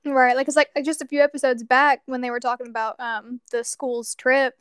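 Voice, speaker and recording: A woman's voice: sits high, flat delivery, moderate pace, a bit bright, clear, resonant tone, no echo, studio quality. A woman co-hosting a podcast, agreeing and adding short comments in casual chat. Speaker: podcast co-host.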